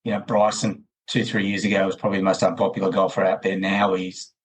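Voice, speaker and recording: This Australian podcast guest talks fast in a low, monotone voice, captured on a rough recording. His casual interview chat is long and loose, full of fillers and restarts.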